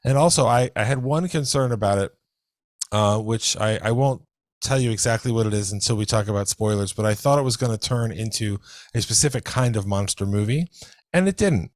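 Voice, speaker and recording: A man with a fairly low voice chats on a film podcast, rambling with enthusiasm and frequent restarts. The sound is dry and close. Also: brisk, dry recording. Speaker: podcast co-host reviewing films. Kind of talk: casual chat.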